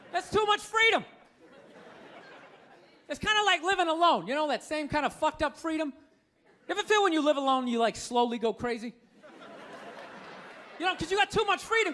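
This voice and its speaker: A man in his fifties with a Boston accent doing stand-up, ranting in an animated, incredulous way. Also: extremely high pitch. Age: 50s. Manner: animated, incredulous rants with acted-out voices. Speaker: stand-up comedian. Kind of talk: stand-up comedy set. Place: comedy club stage before a live audience. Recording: live club recording with audience noise. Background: audience laughter.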